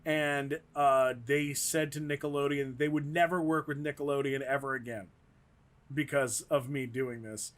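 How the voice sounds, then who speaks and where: A man's voice: mid-range voice, fairly even intonation, moderate pace. A man, a comedian, telling a rambling story in casual chat and acting out quotes in raised voices. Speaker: guest comedian.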